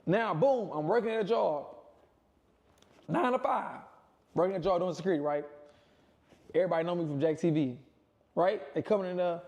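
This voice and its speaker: A man casually telling a long personal story, rambling and repeating himself, with animated quoted voices. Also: moderate pace, long pauses, highs cut off. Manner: rambling, repetitive, punctuates with "boom" and "right?". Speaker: storyteller in a played clip.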